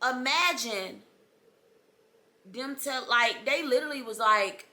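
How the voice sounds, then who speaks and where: A young woman, dramatically telling the story of her birth in a casual storytime vlog, with laughter and sudden loud outbursts. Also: fairly high pitch, expressive, a little slow. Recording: echoey room.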